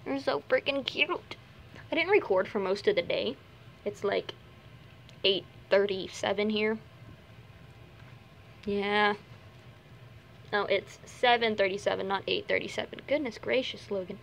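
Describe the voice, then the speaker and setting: A young woman's gravelly, unhurried voice, broken by long pauses, comes through with a little hiss or hum. Vlogging at home by her bunny cage with a handheld camera on her knees, she chats to viewers and sing-songs high-pitched coos and scoldings at the bunnies.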